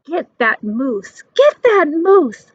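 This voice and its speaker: A woman voicing an aggressive male hunter yelling orders, in a storybook reading. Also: high-pitched, lively intonation, takes it slowly. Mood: commanding. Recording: dull dry recording.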